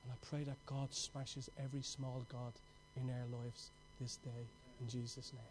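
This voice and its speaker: A middle-aged man preaching a sermon with passion, telling stories and swinging between loud outbursts and hushed moments. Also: medium pitch, little pitch movement, moderate pace, a little hiss or hum.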